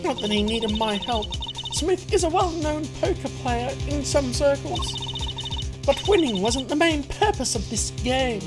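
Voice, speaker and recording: A man voicing a sly young woman card sharp who first puts on a Russian accent, in a cocky, theatrical manner. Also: very high-pitched, lively intonation, unhurried, loud music behind the voice, voice pushed up. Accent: put-on Russian. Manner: cocky, theatrical, sing-song.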